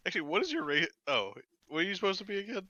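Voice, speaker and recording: A man's voice: high-pitched, sing-song, racing, dull audio, noisy background. A man narrating as game master of a tabletop game, loose and stumbling over his words.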